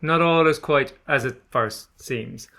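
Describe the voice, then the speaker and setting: A man, the author of a children's book, casually introducing his reading in a chatty, relaxed way and slowing down for emphasis. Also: a little high.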